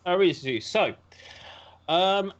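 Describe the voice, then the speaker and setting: A man's voice: sits high, expressive, unhurried, highs cut off. A man from the United Kingdom co-hosting a casual podcast chat, reading news aloud with jokey, sarcastic asides. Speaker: podcast co-host.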